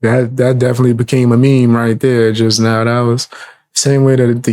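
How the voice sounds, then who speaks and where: A man's voice: medium pitch, flat delivery, normal speed, mellow. A man giving casual reaction commentary in a laid-back way, laughing often and using street slang.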